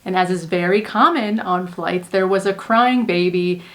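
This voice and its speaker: A young adult woman, a manifestation coach, explaining a technique calmly and earnestly step by step in a casual teaching talk. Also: fairly low pitch, normal speed. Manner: calm, earnest explaining in spoken steps.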